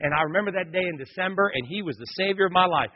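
A man's voice: high-pitched, rapid-fire, dull audio. A man preaching a sermon, telling personal stories with joking asides to the congregation. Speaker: pastor.

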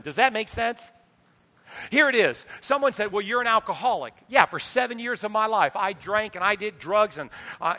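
Middle-aged guy preaching, animated, goes quiet then loud, high bright voice, big echoey hall. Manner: animated, storytelling, shifts from quiet asides to loud exhortation. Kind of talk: sermon. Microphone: microphone. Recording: long hall reverb.

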